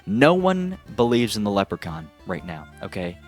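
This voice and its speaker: A man recapping a film in a casual, exasperated and sarcastic way, often pausing to ask "okay?". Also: fairly low pitch, very animated, faint music behind. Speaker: movie reviewer.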